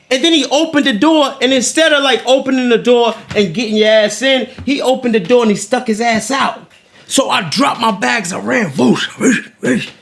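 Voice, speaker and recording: A man hosting a podcast, telling a story in casual, animated, profane chat, a little winded. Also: very high voice, gravelly. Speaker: podcast host.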